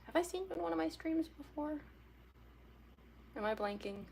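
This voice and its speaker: A woman's voice: sits high, animated, moderate pace, gravelly, a little mellow, a little hiss or hum. A young woman chatting casually with her viewers during a drawing livestream. She giggles often and talks in a loose, rambling way with lots of fillers. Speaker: artist livestreamer.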